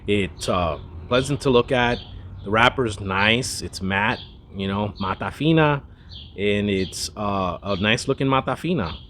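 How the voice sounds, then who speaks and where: A man's voice: on the low side, measured pace, fairly bright tone, a little hiss or hum. A man hosting a cigar review, talking in a rambling, chatty way with lots of asides and restarts. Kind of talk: casual cigar review monologue.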